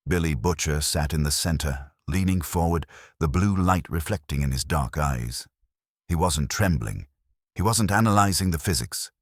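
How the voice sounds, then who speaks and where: A man's voice: very deep voice, normal speed, no echo, clean studio sound. A man giving brooding, theatrical scripted narration of a story.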